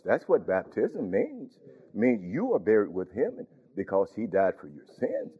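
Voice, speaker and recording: A man's voice: on the low side, wildly swooping pitch, normal speed, slightly rough. A man preaching a sermon in a conversational way, often asking the congregation if they follow him. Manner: conversational, questioning the congregation, chuckling. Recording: tinny phone-like recording.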